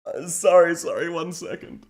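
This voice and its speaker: A man's voice: a little high, moderate pace. A male streamer chatting casually with his viewers, laughing often and thanking them, slightly congested and coughing. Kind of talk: casual live stream chat.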